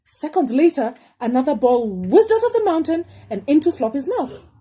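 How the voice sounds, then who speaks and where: A woman teacher reading a picture book aloud to children, pausing to ask questions about the pictures. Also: high voice, poor audio. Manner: lively, asks the listener questions about the pictures.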